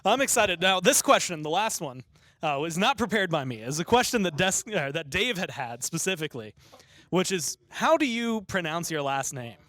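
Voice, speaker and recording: High-voiced male pregame interviewer. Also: sing-song, moderate pace, bright, forceful tone. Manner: chatty, rambling questions.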